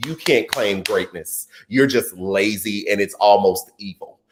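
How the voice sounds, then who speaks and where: A fairly low-voiced man hosts a live stream from home, reading out viewers' comments and offering casual political commentary. He talks in an animated, excitable way, often jumping up into a much higher voice. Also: a little slow. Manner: animated, excitable, jumps into high voice.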